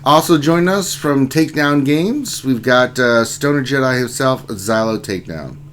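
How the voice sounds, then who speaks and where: A man's voice: medium pitch, animated, normal speed, a bit bright, slight background noise. A man hosting a casual livestream, reading out chat names and greeting viewers one by one. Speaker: livestream host.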